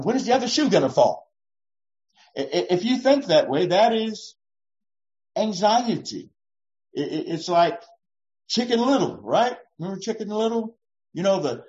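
A man's voice: sits high, a little mellow, highs cut off. An older man preaching as a pastor, folksy and joking with his congregation. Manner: folksy, self-deprecating, jokes with the congregation. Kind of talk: sermon.

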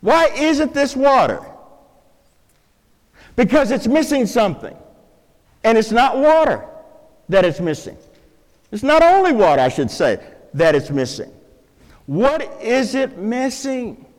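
Pastor, male, high and animated voice, unhurried; teaching sermon that quizzes the congregation, church hall with long reverb. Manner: quizzes the congregation with playful questions. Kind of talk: interactive sermon with object lessons. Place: church sanctuary with a live congregation.

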